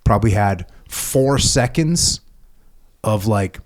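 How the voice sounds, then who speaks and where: A man's voice: fairly low pitch, takes it slowly, darkish tone. A middle-aged man hosting a podcast, talking in a reflective, casual way with frequent laughs. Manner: reflective, laughs often, restarts. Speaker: podcast host, former military. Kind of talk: casual conversation.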